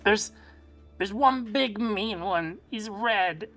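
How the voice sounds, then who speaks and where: A woman's voice: medium pitch, takes it slowly, fairly bright tone, soft background music. A woman voicing a scrappy, hungry male goblin, blunt and fawning.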